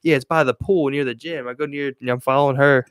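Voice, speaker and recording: A man's voice: mid-range voice, fairly even intonation, fast, clean tone, dry recording, studio quality. A young man from Maryland telling loose, profane stories as a podcast host, laughing as he goes. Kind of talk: casual chat, storytelling.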